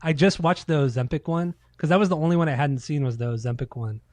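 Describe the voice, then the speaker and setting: A man's voice: on the high side, fast talker, darkish tone, dry recording. A man co-hosting a casual podcast, telling loose, profane stories and acting out quotes. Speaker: podcast co-host. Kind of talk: casual chat.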